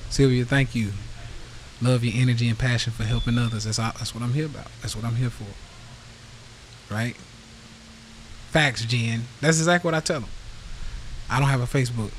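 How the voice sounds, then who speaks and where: A man's voice: mid-range voice, steady tone, normal speed, long pauses, slight background noise, low-quality recording. Blunt, profane man ranting on a podcast. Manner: blunt, profane, heated, reads out live comments. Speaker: podcast host. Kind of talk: casual rant to a live audience.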